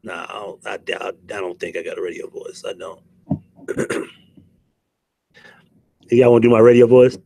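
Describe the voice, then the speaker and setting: A man's voice: mid-range voice, lively intonation, a little fast, creaky, pauses often, a little mellow, no echo. Profane, joking livestream host man. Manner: profane, joking banter, greets chatters. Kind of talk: casual livestream commentary.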